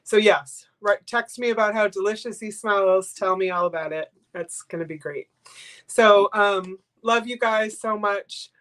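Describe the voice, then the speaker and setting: A woman's voice: medium pitch, unhurried, a bit bright. An older woman hosting a live stream in casual chat, rambling and emotional, sniffly from crying. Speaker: livestream host.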